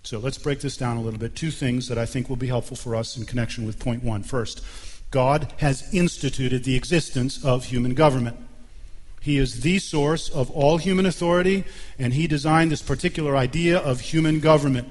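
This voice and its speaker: A male pastor delivering a sermon with emphatic, measured preaching and deliberate pauses, in a church sanctuary. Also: medium pitch, darkish tone, big-room sound.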